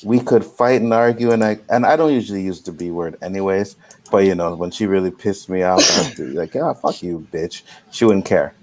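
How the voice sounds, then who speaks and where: A man's voice: low voice, fairly quick, a little mellow. A man hosting a casual podcast in a laid-back way. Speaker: podcast host. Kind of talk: casual chat.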